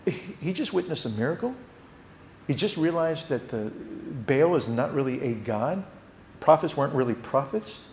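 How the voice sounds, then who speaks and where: A man teaching a theology class at a church. He talks in an animated way and often repeats words. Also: a little high, moderate pace, reverberant, a little hiss or hum. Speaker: Bible teacher.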